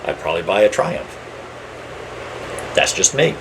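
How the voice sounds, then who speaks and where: A middle-aged man with a fairly low voice, talking in a loose, rambling way on a casual podcast. He gets more lively when he acts out what other people said. A faint air-conditioning hum sits behind him. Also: measured pace. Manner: rambling storyteller, animated when quoting people. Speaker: podcast co-host. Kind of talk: casual chat.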